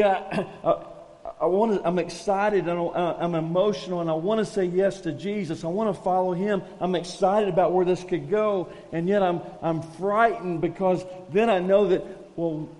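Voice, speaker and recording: Folksy pastor preaching in a reverberant hall. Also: male voice, high-pitched, moderate pace, mellow. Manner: conversational, self-deprecating, addresses listeners as folks. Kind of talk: sermon.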